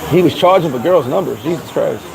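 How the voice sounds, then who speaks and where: A man's voice: fairly high pitch, fairly quick, gravelly, crowd noise, low-quality recording. A man chatting casually on a live stream, reading comments aloud in a loose, rambling way, swearing and laughing at himself. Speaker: vlogger reading live chat.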